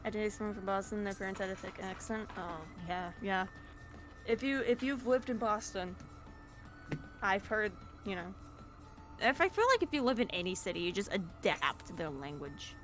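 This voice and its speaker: A woman chatting casually on a stream, animated and giggly, often trailing off mid-thought. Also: medium pitch, normal speed, faint music behind.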